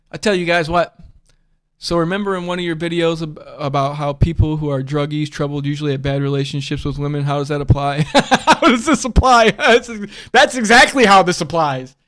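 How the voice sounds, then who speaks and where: A man with a notably high voice hosts a loose livestream podcast. He rambles, swears freely and keeps calling his listeners bud and bro. He speaks bluntly and comes back to the same points again and again. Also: a bit bright. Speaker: podcast host. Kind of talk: casual livestream podcast chat.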